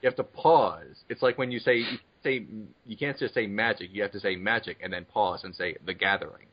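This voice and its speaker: A man's voice: on the low side, brisk, dull audio. A man on a podcast in casual chat, stumbling over his words and making jokes full of nerdy references.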